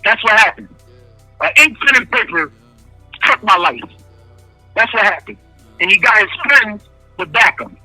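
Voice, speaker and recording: High, bright-voiced man, emphatic and repetitive. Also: sing-song, moderate pace, long pauses, no echo, soft background music, rough recording. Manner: emphatic, repeats key phrases, street-casual speech. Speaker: incarcerated interviewee. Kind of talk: impassioned interview answers.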